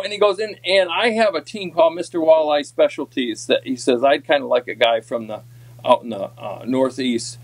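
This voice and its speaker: A man in a casual podcast chat tells a long fishing-circuit story in a folksy, rambling way, stopping often for ums and restarts. His voice sits at an ordinary middle pitch. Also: slightly rough. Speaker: podcast guest, former walleye tour pro.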